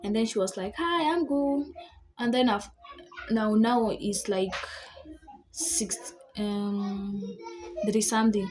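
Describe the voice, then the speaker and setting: A woman's voice: medium pitch, slow pace, pauses often, a little mellow, slight background noise. A young girl telling a storytime vlog, retelling an argument indignantly, full of "I was like". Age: child. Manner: chatty, indignant retelling with many "I was like" quotes. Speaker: vlogger.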